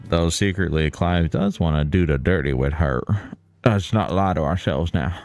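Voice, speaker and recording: A man streaming a video game, joking and breaking into loud exclamations. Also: low-pitched, moderate pace, faint music behind. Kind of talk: casual let's-play commentary.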